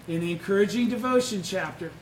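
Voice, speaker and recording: A man with a high voice leads an informal Buddhist study lecture, checking in with his group and pressing his points bluntly. The room is echoey, with a faint hum of noise under him. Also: fast. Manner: keeps questioning the group, blunt and emphatic. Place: indoor meeting room, live-streamed.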